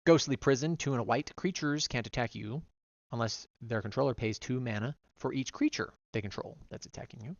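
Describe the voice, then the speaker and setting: Gravelly man reading card text. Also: medium pitch, no echo, muffled recording. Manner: reads card text aloud, quick and run-on. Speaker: vtuber streamer. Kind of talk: casual card-by-card deck reading.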